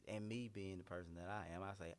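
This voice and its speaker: Speaking quickly in a low, smooth voice with fairly even intonation, a man who is both a pastor and a singer recounts an emotional personal story as candid testimony. His delivery is sincere and heartfelt, with phrases repeated for emphasis.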